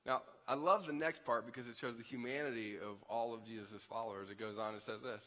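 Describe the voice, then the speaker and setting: Pastor guy preaching, bright tense voice, chatty asides, big echoey church hall. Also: fairly low pitch, moderate pace. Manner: conversational, animated storytelling with asides. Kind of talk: sermon. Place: church auditorium.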